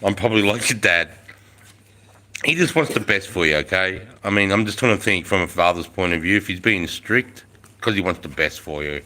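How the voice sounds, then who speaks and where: A very low-voiced Australian man in his forties hosts a casual livestream, talking into his phone at home. He is laid-back, swears freely and chuckles a lot. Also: expressive, fairly quick, sharp tone. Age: 40s. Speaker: livestream host.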